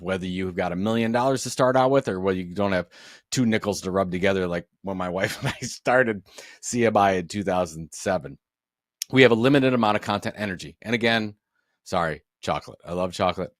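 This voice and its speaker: A man presenting a business webinar, talking straight to his audience with energetic, emphatic delivery. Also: low-pitched, fairly quick, dry recording, studio quality. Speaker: business author and speaker.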